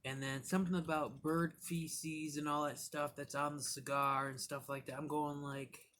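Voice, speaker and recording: A man's voice: a little high, little pitch movement, normal speed, pushed and bright, a little hiss or hum. A young man from Michigan reviewing cigars and telling loose stories, rambling with lots of "like" and "you know". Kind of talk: casual storytelling vlog.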